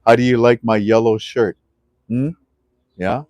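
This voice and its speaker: A man's voice: mid-range voice, fairly even intonation, unhurried, no echo. Chatty man hosting a livestream, dry sound. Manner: chatty, jokey, addresses listeners as ladies and gentlemen. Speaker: host of a currency livestream. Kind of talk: casual livestream talk with prayer. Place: on the west side of Oahu with friends.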